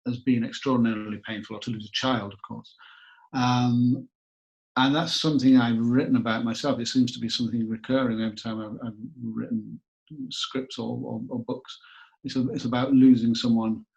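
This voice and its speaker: Gravelly-voiced man, rambling and self-deprecating. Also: medium pitch. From northern England. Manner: rambling, self-deprecating, repeats words often. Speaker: actor guest. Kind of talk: casual interview chat. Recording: dull lo-fi recording.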